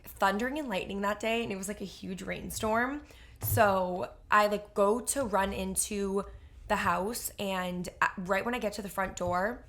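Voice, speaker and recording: A young woman co-hosting a podcast, telling stories in casual chat with lots of "like" fillers. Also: medium pitch. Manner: animated storyteller, heavy use of "like". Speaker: podcast co-host.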